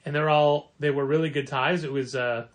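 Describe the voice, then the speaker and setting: Animated man in casual podcast banter. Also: a little high, normal speed. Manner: animated, acts out quoted lines in a raised voice. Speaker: comic shop co-owner and podcast co-host.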